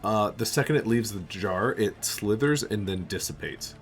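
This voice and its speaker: A man's voice: fairly low pitch, moderate pace, faint music behind. A man narrating as game master of a tabletop role-playing game, chatty and loose with filler words.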